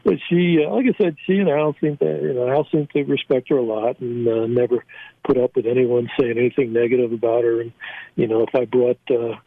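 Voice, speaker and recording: A man's voice: mid-range voice, level tone, dry recording. Older male guest, rambling anecdotal delivery full of restarts, heard over a thin phone line. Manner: halting, many fillers and restarts, laughs at own stories. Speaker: guest, former team scout. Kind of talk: storytelling in a casual interview. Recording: tinny phone line, dry.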